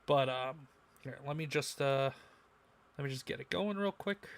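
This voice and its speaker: A man co-hosting a casual livestream podcast, animated and repeating phrases for emphasis. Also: mid-range voice, moderate pace, creaky. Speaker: podcast co-host.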